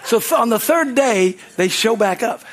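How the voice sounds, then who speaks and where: Animated high-voiced preacher telling stories. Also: male voice, moderate pace. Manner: animated, rambling storyteller with many restarts. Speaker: pastor. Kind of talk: sermon storytelling. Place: church sanctuary.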